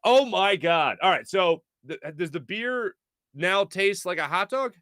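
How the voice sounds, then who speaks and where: Animated, bright-voiced male show host. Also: high voice, unhurried, dry recording, studio quality. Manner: playful, animated, laughs often. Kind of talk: casual sports talk show chat.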